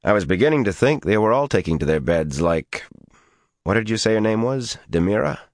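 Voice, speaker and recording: A man voicing a burdened young leader who speaks firmly and calmly. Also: fairly low pitch, a little fast, no room sound, clean studio sound, voice pushed up. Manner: firm, calm, heavy. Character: stern young male leader, burdened, resolute.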